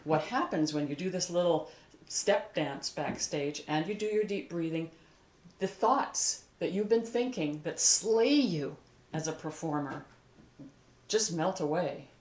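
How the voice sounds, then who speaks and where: An older woman, a vocal coach, giving a calm, encouraging singing lesson on video and talking through an exercise as she moves. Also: fairly low pitch, measured pace. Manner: calm, encouraging, demonstrates while moving. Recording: echoey room.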